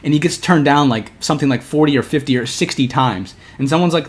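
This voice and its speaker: Man, young adult, podcast co-host, casual storytelling, animated, many restarts. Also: mid-range voice, quick pace, hardly any pauses, slight background noise. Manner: animated, with many restarts, acting out quoted lines.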